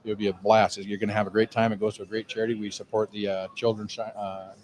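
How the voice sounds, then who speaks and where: A man's voice: fairly low pitch, level tone, quick pace, darkish tone, rough recording. A man, a cigar lounge owner telling a rambling, profane, self-mocking story in a lounge. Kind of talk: casual storytelling.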